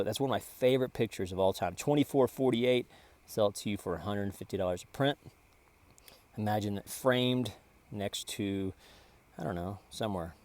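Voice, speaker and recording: Flipping through his photo prints in a loose, casual vlog, a man with a lowish, darkish voice keeps praising his own work. He jumps from picture to picture, boasting big and exclaiming suddenly.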